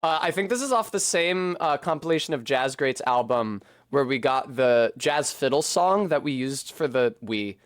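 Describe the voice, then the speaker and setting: A man's voice: medium pitch, animated, moderate pace, few pauses, dry recording, clean studio sound. A man rambling casually and poking fun at himself while streaming a video game, swearing now and then. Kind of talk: casual commentary while playing.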